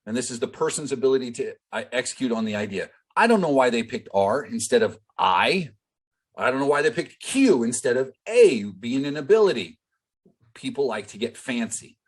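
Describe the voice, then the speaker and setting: A man's voice: medium pitch, sing-song, moderate pace, husky. A man working as a business coach, teaching a live online group call in a loose, conversational way full of fillers and direct asks to the group. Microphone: video call.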